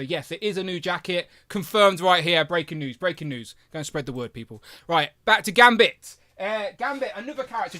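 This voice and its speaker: A man hosting a live stream, chatting casually and enthusiastically with lots of fillers. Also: sits high. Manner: animated, with big jumps in loudness. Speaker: host of a toy review live stream.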